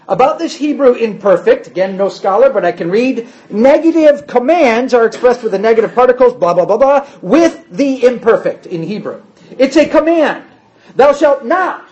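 A man's voice: very high voice, expressive, moderate pace, darkish tone, muffled recording. A man teaching a Bible class, explaining carefully, repeating key points and adding wry asides.

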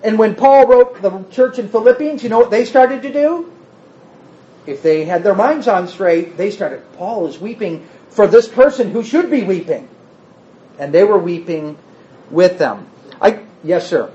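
A male preacher with a high, lively voice that swings up and down as he teaches. He reads scripture and chats with the people in front of him. The recording sounds a little dull and lo-fi. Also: measured pace. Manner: animated, talks with the congregation, reads scripture aloud. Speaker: pastor or Bible teacher. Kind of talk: conversational sermon.

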